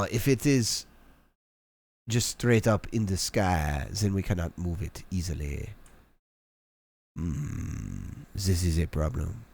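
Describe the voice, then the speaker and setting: A man streaming live, talking through his code in a low-key, self-mocking way. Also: vocal fry, darkish tone. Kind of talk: live coding commentary.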